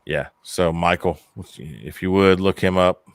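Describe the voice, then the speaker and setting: Man, very low voice, casual live-stream host, profane and joking, dry sound. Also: unhurried, clear, resonant tone, dry recording. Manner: profane, joking, reads viewer comments aloud. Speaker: podcast co-host.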